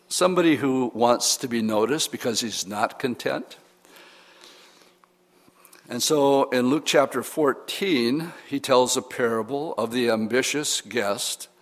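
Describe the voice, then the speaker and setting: An older man preaching an expository sermon as pastor, talking conversationally with light humorous asides. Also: medium pitch. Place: church sanctuary. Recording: reverberant church hall.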